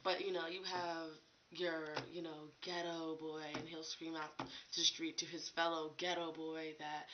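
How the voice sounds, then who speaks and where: A woman's voice: lowish voice, moderate pace. Chatty young woman vlogging, lo-fi mic. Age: young adult. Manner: animated, frequent "you know" and "like". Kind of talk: casual opinion vlog. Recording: dull lo-fi webcam audio with faint hiss.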